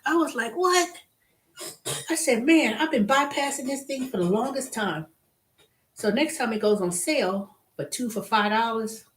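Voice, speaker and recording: A woman hosting her own vlog, talking casually and bluntly with strong emphasis, moving from exasperation to delight. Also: mid-range voice. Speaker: vlog host. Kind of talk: casual solo rant.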